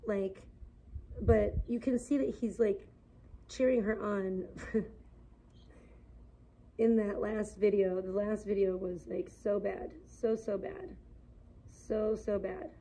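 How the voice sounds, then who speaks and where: A woman's voice: mid-range voice, steady tone, takes it slowly, pauses often, warm tone, a little hiss or hum, rough recording. Rambling gossipy woman livestreaming outdoors. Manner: rambling, gossipy, filler-heavy. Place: outdoors in the sun.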